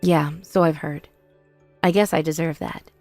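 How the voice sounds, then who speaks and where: A woman's voice: sits low, steady tone, unhurried, a little mellow, dry recording, soft background music. A woman voicing a desperate, remorseful young wife who begs for forgiveness in a scripted drama. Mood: defensive. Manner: pleading, apologetic.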